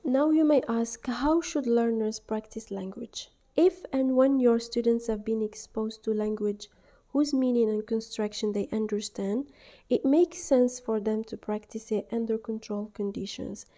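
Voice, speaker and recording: Woman teaching, dark mellow voice. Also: on the high side, fairly even intonation. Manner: clear, deliberate, exaggerates classroom model phrases. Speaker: English teacher trainer. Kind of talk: instructional voice-over.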